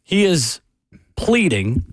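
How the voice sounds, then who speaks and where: A man's voice: fairly high pitch, slow, dry recording. Upbeat male sports radio host. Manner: energetic, chatty, laughs easily. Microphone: studio microphone.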